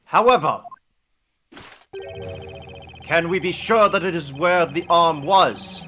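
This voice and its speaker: A man's voice: on the high side, takes it slowly, bright, forceful tone, pitched above the performer's own voice. A man reading out a stern male inquisitor's formal courtroom lines from a game, over game music. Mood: solemn. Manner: formal, solemn courtroom speech read aloud. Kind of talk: reading game dialogue aloud on a stream.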